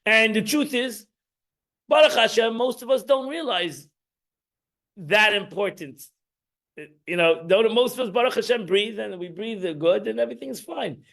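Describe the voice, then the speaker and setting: Man, high voice, rambling informal Torah teaching, repeats himself. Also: moderate pace, vocal fry, fairly bright tone. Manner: rambling, repeats and restarts, emphatic rises.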